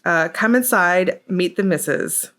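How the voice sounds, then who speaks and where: A woman's voice: fairly low pitch, unhurried, fairly bright tone. A woman putting on a British welcome. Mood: welcoming. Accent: put-on British. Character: British host greeting a guest.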